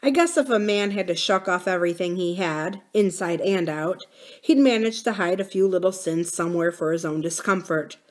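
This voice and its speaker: A man's voice: sits high, normal speed, natural voice. Woman reading as a musing old farmer. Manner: musing, gently philosophical.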